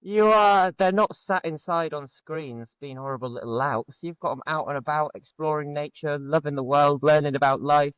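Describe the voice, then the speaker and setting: A man on a podcast with a slightly higher voice than most men. He encourages his co-host, ticking off points in steady, measured phrases, and he is recorded close and dry. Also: smooth, no room sound, poor audio. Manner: warm encouragement, listing things in measured phrases. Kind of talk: casual podcast chat.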